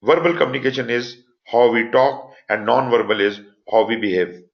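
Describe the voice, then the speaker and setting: A man's voice: mid-range voice, moderate pace, vocal fry. Pakistani-accented man teaching online, lo-fi audio. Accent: Pakistani English. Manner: explanatory, stresses points with voice inflections. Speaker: instructor. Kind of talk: live online lecture. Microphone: computer mic for online class.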